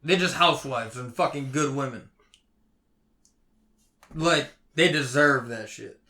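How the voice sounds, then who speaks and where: A man's voice: on the high side, lively intonation, a little fast. Young man on a heated, profane podcast rant. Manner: heated, profane, swings loud and quiet. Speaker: podcast co-host.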